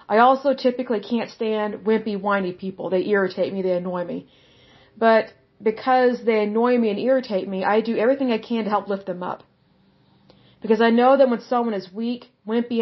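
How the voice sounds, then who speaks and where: A woman talks through a Bible passage in a plain, conversational way. She is blunt and outspoken and says things straight. The audio is slightly dull and lo-fi. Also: mid-range voice. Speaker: podcast Bible teacher. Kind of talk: casual Bible teaching.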